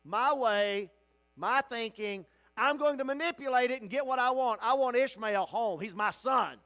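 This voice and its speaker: A male pastor teaching an interactive bible study in a church, preaching with passion and rising into shouts at the high points. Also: normal speed. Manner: impassioned, bursts into shouting at peaks. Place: church sanctuary.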